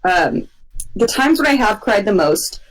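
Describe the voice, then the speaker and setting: A woman's voice: medium pitch, very animated, measured pace, poor audio. Woman, podcast co-host, casual storytelling, rambling, full of fillers and restarts. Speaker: podcast co-host telling work stories.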